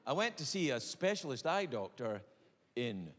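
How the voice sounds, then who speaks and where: A man performing a stand-up comedy set on stage, telling a story with big shouts and quiet asides. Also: mid-range voice, sing-song, normal speed, a little hiss or hum. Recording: reverberant venue with faint ambience.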